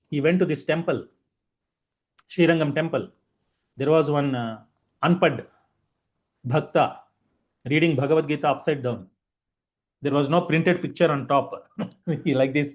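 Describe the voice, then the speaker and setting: Animated spiritual teacher. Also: male voice, a little high. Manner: animated storytelling with Indian English phrasing. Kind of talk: devotional discourse.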